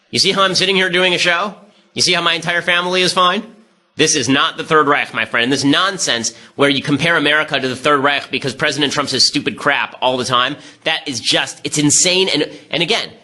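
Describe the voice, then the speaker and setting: A man rattles off a combative commentary monologue at high speed. His voice is bright and forceful. He sounds scornful throughout. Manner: scornful, rapid-fire ranting. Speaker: political commentary host.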